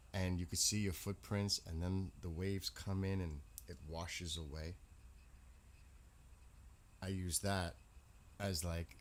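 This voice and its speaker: Male streamer, low voice, casual rambling chat to viewers. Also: a little hiss or hum. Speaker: live streamer.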